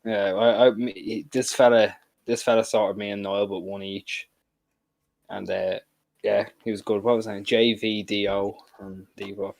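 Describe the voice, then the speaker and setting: A man's voice: lowish voice, flat delivery, unhurried, vocal fry, a little mellow, no echo. A young man with a Dublin accent co-hosting a football watch-along, rambling and swearing freely as he reminisces. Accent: Dublin Irish. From Dublin, Ireland. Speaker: co-host.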